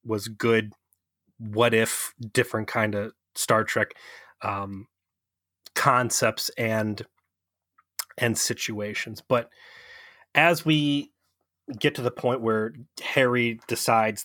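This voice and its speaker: A young adult man co-hosting a podcast, casually recapping an episode with profane, animated storytelling. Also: lowish voice, takes it slowly, pauses often, no room sound, clean studio sound. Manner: profane, animated storytelling with mocking quoted voices. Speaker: podcast co-host.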